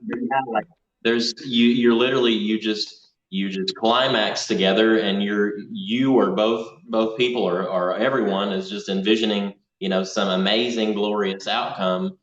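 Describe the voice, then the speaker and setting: A man's voice: lowish voice, steady tone, normal speed. A man talking as a guest in a casual conversation over a video call, rambling with many restarts. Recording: distant echoey muffled call audio.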